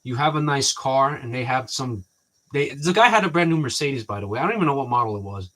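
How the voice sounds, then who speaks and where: A man's voice: mid-range voice, expressive, fast, fairly bright tone. A man talking in a rambling, casual way to his viewers, often restarting sentences and acting out what people said to him. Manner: rambling, restarts often, acts out quoted exchanges. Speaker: vlogger.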